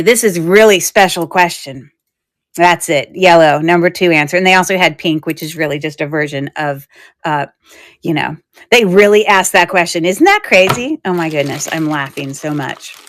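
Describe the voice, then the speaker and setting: A woman's voice: on the low side, normal speed, a little hiss or hum. A woman hosting a live jewelry sale, chatting casually with her viewers and laughing easily. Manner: chatty and giggly, with frequent fillers. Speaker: online shop host selling jewelry on a live stream. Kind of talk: casual live-stream selling chat.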